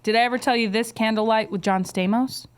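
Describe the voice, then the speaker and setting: A woman's voice: a little high, fairly even intonation, fairly quick, clean tone. A young adult woman co-hosting a podcast, trading crude comedic banter and acting out quotes in shifting voices. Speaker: podcast co-host.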